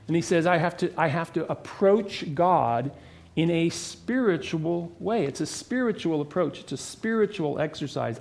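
A man preaching a sermon as pastor, earnest and emphatic, who drops into a lowered, quiet voice when he prays.

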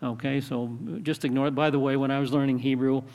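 A man's voice: medium pitch, little pitch movement, quick pace, a little mellow, in a large hall. A man leading an evening Bible study in a playful, call-and-response way. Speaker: Bible teacher.

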